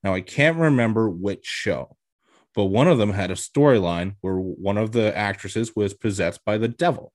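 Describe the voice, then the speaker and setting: A man's voice: lowish voice, moderate pace, dry recording, clean studio sound. A young man hosting a podcast in casual chat, talking chattily with lots of laughs and filler words. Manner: chatty, laughs often, says "like" a lot. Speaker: podcast host.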